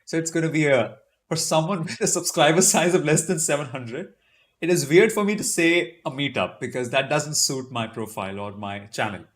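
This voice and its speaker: A YouTube live-stream host with a fairly high-pitched voice speaks at a moderate pace. He's running an informal Q&A, reading viewers' comments aloud and answering with chatty, self-mocking humor.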